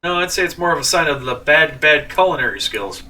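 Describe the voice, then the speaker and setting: A man's voice: a little high, expressive, fairly quick, sharp tone, a little hiss or hum. A man reading a dry, sarcastic young lawyer. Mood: wry. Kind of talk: reading game dialogue aloud. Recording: distant mic with game music.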